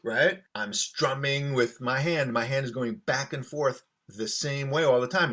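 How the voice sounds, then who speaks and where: Bright-voiced man explaining music enthusiastically. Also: medium pitch, moderate pace, hardly any pauses. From United States. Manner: enthusiastic, sings rhythms aloud while teaching. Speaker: violinist and guest. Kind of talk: casual explanatory talk with demonstrations. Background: violin playing.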